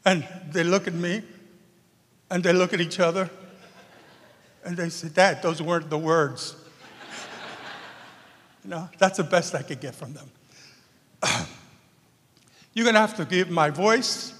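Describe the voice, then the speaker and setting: A man, an acting teacher, giving an emotional and animated memorial speech on a theater stage. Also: high-pitched, unhurried, long pauses. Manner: animated, emphatic, sings a song. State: emotional, nervous. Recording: echoey theater hall.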